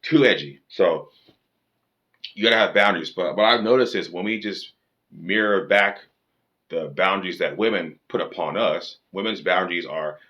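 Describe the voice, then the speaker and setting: A man's voice: low voice, moderate pace, muffled recording. A man giving dating advice in a blunt, profane, lecturing rant to camera.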